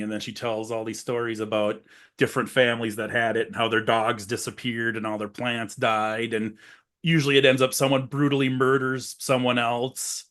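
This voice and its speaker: A man's voice: medium pitch, fairly bright tone. A man co-hosting a podcast, retelling film scenes in a rambling, casual way full of fillers. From rural area. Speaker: podcast co-host.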